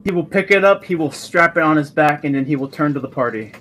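A man's voice: on the high side, quick pace, fairly bright tone. A young man playing a tabletop game, theatrically describing his character's actions. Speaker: player.

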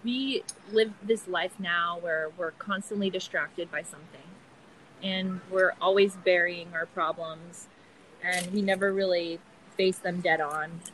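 A woman's voice: fairly low pitch, steady tone, measured pace, fairly bright tone, slight background noise, low-quality recording. A young woman speaking as a podcast guest, earnest and reflective in casual chat.

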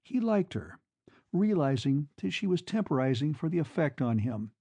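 A man narrating a classic novel in a measured, unhurried reading. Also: fairly high pitch, big pitch swings, warm tone, husky, no room sound. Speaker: audiobook narrator.

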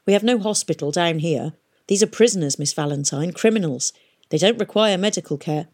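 A woman's voice: lowish voice, fairly quick, darkish tone, lightly acted. A woman voicing a pompous, curt middle-aged male prison warder.

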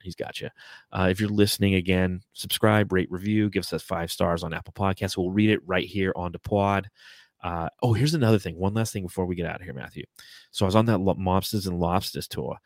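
A man's voice: low voice, a little fast, dry recording, clean studio sound. A man co-hosting a podcast, telling rambling, profane stories in casual chat over a remote call. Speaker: podcast co-host.

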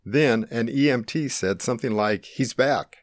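A middle-aged man calmly and earnestly narrating his own life-or-death experience in the first person. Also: medium pitch, moderate pace, no echo, clean studio sound. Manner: calm, earnest, reflective.

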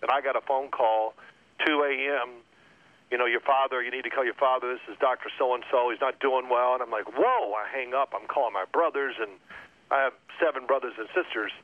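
A man, a former quarterback, telling animated locker-room stories as a radio interview guest. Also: medium pitch, fairly quick, dry recording. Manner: animated storyteller acting out coaches' shouting. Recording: tinny phone line.

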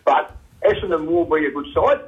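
A man's voice: on the high side, fairly quick, phone-quality sound. An older man with an Australian accent, calling in to a radio show and rambling in casual chat, calling people "mate" again and again. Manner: rambling, says "mate" constantly. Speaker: radio caller.

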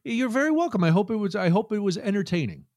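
Male podcast guest, a touch high-pitched, deadpan self-mocking humor, dry close mic. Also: fast talker, no room sound. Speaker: podcast guest, comedian and radio host. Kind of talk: casual interview chat.

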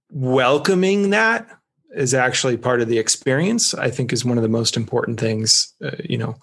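Man, gravelly fry, breathy husky tone, reflective, earnest conversation. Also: mid-range voice. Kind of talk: casual conversation about intimacy.

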